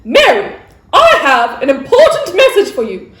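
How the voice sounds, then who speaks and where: A woman's voice: high-pitched, wildly swooping pitch, normal speed, a bit bright, heavily acted. A woman voicing Gabriel, a male angel, as a casual and friendly messenger. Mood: reassuring. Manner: casual, laid-back messenger. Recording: roomy echo.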